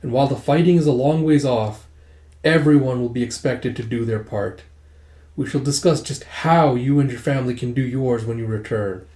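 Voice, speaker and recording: A man's voice: mid-range voice, normal speed, mellow, close to an everyday voice. A man reading aloud and voicing a stern, commanding male magistrate in a formal, declaiming manner. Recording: roomy echo.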